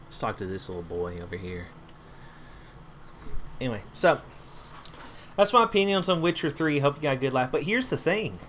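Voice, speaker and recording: A man's voice: mid-range voice, very animated, moderate pace, pauses often, fairly bright tone, slight background noise. A man giving rambling, casual gameplay commentary, swearing freely as he plays. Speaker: gamer.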